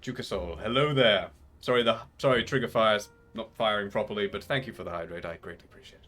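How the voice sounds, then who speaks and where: A man's voice: on the low side, fast, fairly bright tone, faint music behind. A man streaming a frustrating game live, chatting with viewers and groaning at failures, out of breath. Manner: exasperated, talks to chat between groans and yelps.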